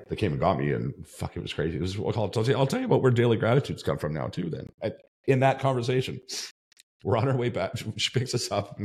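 Low gravelly man telling a rambling story. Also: a little mellow. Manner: rambling, profane, tags lines with "right?". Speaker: podcast host. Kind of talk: casual storytelling.

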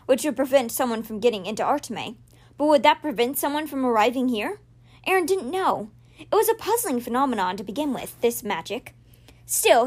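A woman hosting a podcast, reading a children's novel aloud with expressive storytelling. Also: on the high side. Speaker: podcast reader.

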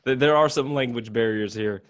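A man's voice: medium pitch, normal speed. A man from the Southern United States with a Southern accent, hosting a podcast in a friendly, teasing, encouraging way. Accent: Southern American. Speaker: podcast host. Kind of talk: casual interview.

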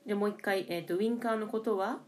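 A woman's voice: mid-range voice, very fast, a little mellow. A Japanese woman co-hosting a language lesson, asking about words and repeating them back. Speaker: co-host asking questions.

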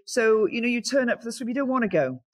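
Guest spot: woman with a very dry close sound, lively anecdotal storyteller. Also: on the high side, fast, no echo. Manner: animated storyteller, acts out quoted voices. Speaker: guest, founder of a cold water swimming group.

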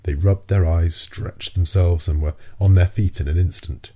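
Deep, dark-voiced male audiobook narrator. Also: steady tone, normal speed. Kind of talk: scripted narration.

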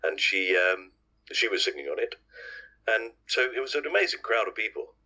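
An older man from England chats as a podcast guest, telling long, rambling stories full of asides and self-corrections. His voice sits very low with a husky edge. He sounds bright and forceful despite the depth. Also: sing-song, moderate pace, poor audio. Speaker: podcast guest, actor and singer. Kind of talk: anecdotal interview chat.

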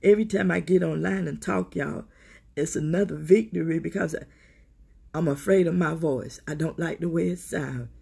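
A woman's voice: low-pitched, normal speed, gravelly, dark tone, husky. A middle-aged woman hosting a podcast, talking candidly and emotionally about her own struggles, swearing freely and often turning to her listeners. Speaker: podcast host. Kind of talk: personal confessional talk.

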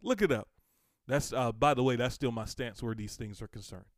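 A man's voice: medium pitch, brisk, no room sound, clean studio sound. A man preaching on his podcast in a fervent way, building to emphatic outbursts and repeating phrases for force. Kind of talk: sermon podcast.

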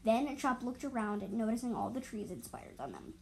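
Woman storyteller making it up as she goes, slightly high voice, lots of ums and restarts, faint noise behind. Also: sing-song, brisk, gravelly, poor audio. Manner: hesitant, full of fillers and self-corrections. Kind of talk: improvised story narration.

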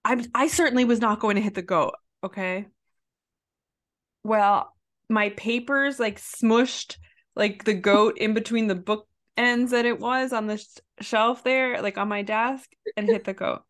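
Woman doing chatty storyteller, lively, laughs through her anecdote, spikes up for quoted outbursts. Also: unhurried. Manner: animated, jumps high when quoting herself; lots of fillers and restarts, laughs while telling. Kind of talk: casual chat, anecdote.

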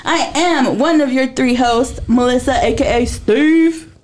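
A woman co-hosting a casual podcast chat, playful and quick to break into song. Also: high-pitched, darkish tone. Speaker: podcast co-host.

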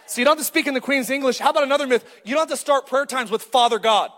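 A middle-aged male pastor preaching a lively, joking sermon and calling out to the congregation. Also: extremely high pitch, racing, in a large hall. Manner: animated, joking, calls for crowd response.

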